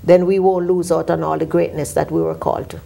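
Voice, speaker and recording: A woman's voice: lowish voice, fairly even intonation, fast, vocal fry. A woman with a Jamaican accent, a talk show guest, speaking in a motivational, preacherly manner. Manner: motivational, preacherly, warm-humored. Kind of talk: casual talk show conversation.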